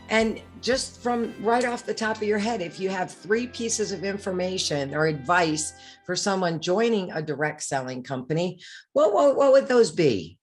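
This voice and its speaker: Low-voiced woman hosting an interview. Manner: friendly, affirming questioner. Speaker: interview host and course creator.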